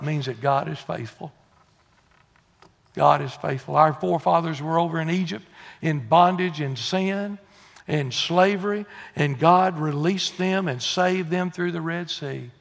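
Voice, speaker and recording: Preacher, male, high and gravelly, folksy sermon delivery, long church reverb. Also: a little slow. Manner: folksy, swings from low confiding asides to loud exhortation. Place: church sanctuary.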